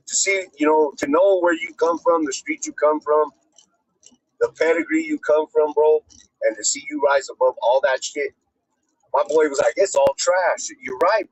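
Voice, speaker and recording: Husky-voiced man in street-slang livestream talk. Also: a little high, no echo, low-quality recording. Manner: streetwise slang, earnest, addresses viewers as bro. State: emotional, choked up. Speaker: streamer.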